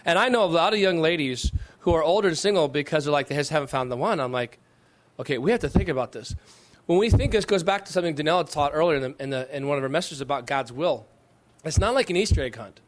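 A middle-aged pastor speaks with a fairly high voice. He takes questions from young women in an animated preaching manner. He leans into slow, emphatic phrases that rise as he presses a point.

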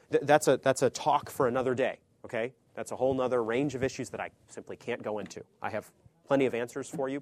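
Teaching a sermon conversationally, this pastor or Bible teacher moves between loud, emphatic lines and quiet, low asides, frequently checking in with his listeners.

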